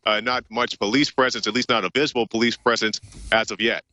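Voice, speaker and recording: A man's voice: lowish voice, steady tone, fast talker, pushed and bright, dry recording. A man giving a live field report to a radio host, talking casually with frequent fillers. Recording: dull lo-fi remote line.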